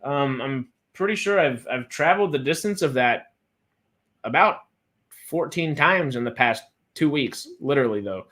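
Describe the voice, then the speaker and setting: A man's voice: medium pitch, expressive, moderate pace, a bit bright. A man from Texas hosting a casual livestream chat, rambling with frequent restarts and fillers. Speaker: host.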